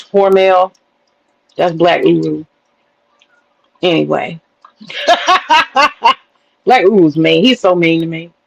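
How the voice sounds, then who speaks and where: A Southern American woman hosts a livestream, delivering a casual rant full of blunt, profane wisecracks. Her voice is fairly low and gravelly, and the audio sounds dull.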